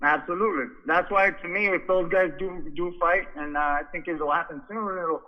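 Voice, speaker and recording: A man's voice: sits high, fairly even intonation, normal speed, lo-fi sound. A man, a boxing coach, talking casually in a podcast interview and rambling through stories with frequent restarts.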